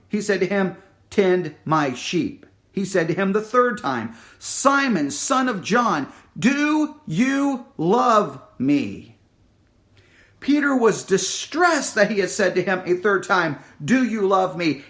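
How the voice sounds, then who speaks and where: High-voiced man preaching a dramatic sermon. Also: fairly bright tone. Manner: dramatic, drops to near-whisper for emphasis, then rises; repeats words and restarts.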